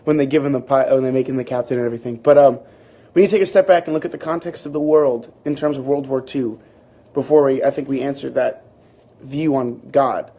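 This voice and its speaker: A man hosting a book club, reading a novel aloud and then reflecting on it in a thoughtful, halting way, with frequent restarts. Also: medium pitch, dark tone. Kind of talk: reading aloud and casual commentary.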